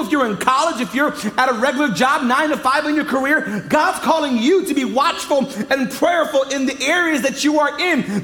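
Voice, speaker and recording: A man's voice: very high voice, fairly bright tone. A man in his thirties preaching a sermon with emphatic delivery and joking asides. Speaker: pastor. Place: large church hall. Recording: echoey hall, long reverb.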